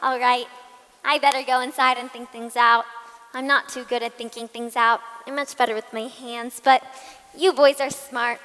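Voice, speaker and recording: A woman's voice: fairly high pitch, flat delivery, normal speed, sharp tone, clear, resonant tone. A teenage girl acting in a school play as a simple-minded, eager grown woman who talks in a naive rush. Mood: pleading. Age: teens. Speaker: student actor. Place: school auditorium stage. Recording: echoey hall from a room mic.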